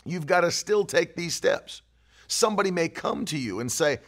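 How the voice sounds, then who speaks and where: A man's voice: on the high side, expressive, normal speed, a bit bright. A man preaching a sermon, telling a story earnestly and repeating key phrases for emphasis. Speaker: pastor. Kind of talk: sermon teaching.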